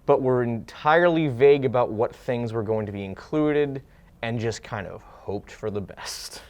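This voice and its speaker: A man's voice: mid-range voice, normal speed. A man co-hosting a casual gaming news chat, given to dry sarcasm. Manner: sarcastic, animated. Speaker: co-host.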